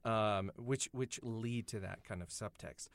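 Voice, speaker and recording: A man with a fairly low voice talks through a film's hidden themes in a relaxed podcast chat. He is thoughtful and explanatory, building his points step by step. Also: measured pace. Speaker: podcast co-host. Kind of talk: casual film discussion.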